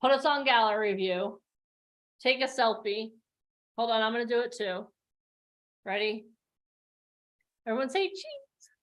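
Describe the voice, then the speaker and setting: A woman's voice: fairly high pitch, fairly even intonation, moderate pace, pauses often. A woman hosting an online bootcamp for actors and models, coaching over a video call in a passionate, emphatic way. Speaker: acting and modeling bootcamp host. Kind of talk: live online motivational coaching.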